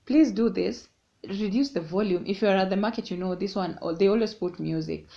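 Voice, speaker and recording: A woman's voice: mid-range voice, fairly quick, gravelly, mellow. A young woman telling a story casually and animatedly, mixing English and Swahili. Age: young adult. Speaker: vlogger. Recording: dull lo-fi sound.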